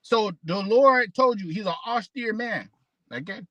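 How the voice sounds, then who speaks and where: Guy preaching hard and cussing, high bright voice, dry sound, reads bible verses, keeps saying man. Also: lively intonation, a little slow, dry recording, lo-fi sound. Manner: rough slangy preaching, reads scripture aloud, swears often; repeats "man" and "you know". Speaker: street preacher. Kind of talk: fiery profane sermon.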